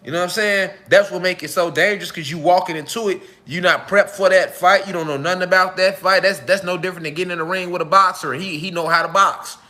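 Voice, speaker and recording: A man's voice: high-pitched, fairly even intonation, fast talker, hardly any pauses, sharp tone. A man speaking, delivering a profane, emphatic casual monologue to viewers and checking in with rhetorical questions. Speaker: online talk host.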